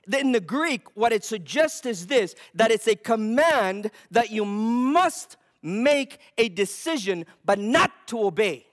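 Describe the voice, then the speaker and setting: A man's voice: very high-pitched, lively intonation, slow pace, few pauses. A man preaching a sermon, explaining scripture and building to fervent emphasis, often asking questions and answering them himself. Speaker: pastor.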